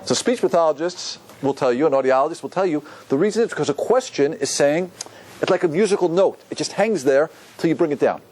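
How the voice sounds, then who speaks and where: A rabbi giving a lively Torah class to an audience, often asking them questions. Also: male voice, fairly high pitch, fast talker. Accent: Ashkenazi Hebrew pronunciation.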